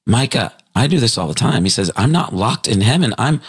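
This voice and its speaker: A man calling in to a radio show, retelling a story in an animated, breathless way. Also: mid-range voice, fairly quick, husky. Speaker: caller. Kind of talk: excited storytelling.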